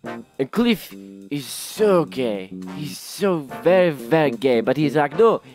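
A man's voice: medium pitch, animated, slow, over music. A man hosting a casual vlog, summing up a musical in a sarcastic, jokey way. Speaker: host.

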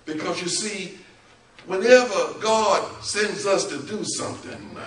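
A man preaching a storytelling sermon, who acts out the voices in his story and swings between loud and soft. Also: high voice, a little slow, recorded from a distance, a little hiss or hum. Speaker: bishop preaching. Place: church sanctuary. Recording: echoey church from off-mic.

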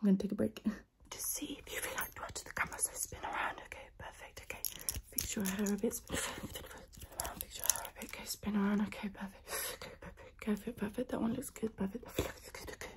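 A woman's voice: medium pitch, fairly even intonation, vocal fry. Breathless whispering woman, whispered role-play. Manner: chaotic, rapid repeated instructions. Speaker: ASMR creator.

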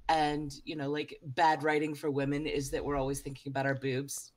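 A woman moderating an online writers' panel, framing long questions with many pauses and restarts. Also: low voice, monotone.

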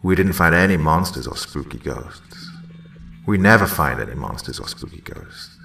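Man doing a calm reassuring dad. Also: rumbling low, moderate pace, gravelly, echoey room, distant mic, exaggerated voice. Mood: soothing. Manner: gentle, soothing. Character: calm reassuring young father.

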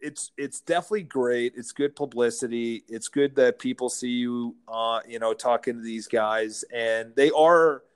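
A man, a real estate firm founder, telling animated anecdotes as a guest in a casual interview. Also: medium pitch, moderate pace, few pauses, clear, resonant tone. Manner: animated anecdotes, playful mimicking of others.

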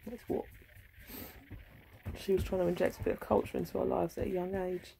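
A woman's voice: on the low side, level tone, fairly quick, gravelly, dark tone, a little hiss or hum, rough recording. A middle-aged woman talking in a meandering, self-interrupting monologue at home, with sudden swearing. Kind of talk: rambling monologue. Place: home, indoors.

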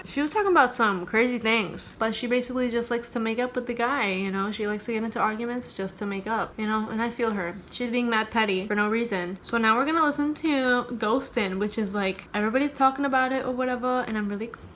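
A woman's voice: fairly high pitch, quick pace, a bit bright, slight background noise. A young woman chatting casually and emotionally as she reacts to a new album, saying "like" constantly. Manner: gushing, emotional, heavy use of "like". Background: pop music playing.

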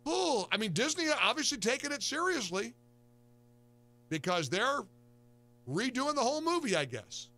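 A man makes casual, joking commentary, sounding incredulous and stammering over his own questions. His voice is very high and bright, with lively swings in pitch. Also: normal speed, pauses often.

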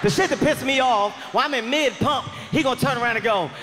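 A male comedian telling a stand-up story in a loud, animated, profane way. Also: extremely high pitch, fast talker. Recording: echoey hall reverb, faint noise.

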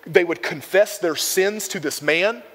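A young male youth pastor preaches with energy and emphasis, stacking repeated phrases. His voice sits fairly high for a man. A long reverb from a big hall trails every line. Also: unhurried, fairly bright tone. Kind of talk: sermon.

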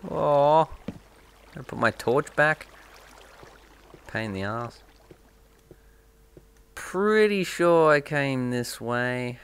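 A man giving relaxed, playful commentary on his own gameplay, chatting to himself as he goes. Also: mid-range voice, drawn-out words, long pauses, clear, resonant tone. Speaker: gaming video host.

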